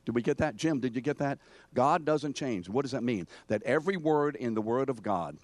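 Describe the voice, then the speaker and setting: An older man delivers a teaching sermon at a middle pitch, his voice sounding dry and close. He keeps stopping to fire questions at his listeners and insists they call out answers. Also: brisk, dry recording. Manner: animated, calls out questions and demands answers. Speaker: preacher and Bible teacher. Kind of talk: interactive sermon, quizzing the congregation.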